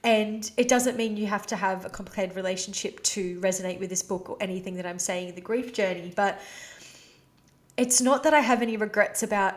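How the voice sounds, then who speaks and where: A woman hosts her own personal confessional podcast, speaking fairly quickly in a medium-pitched voice with fairly even intonation. She talks candidly and emotionally, casual and heartfelt, scattering "you know" and "like" through her speech.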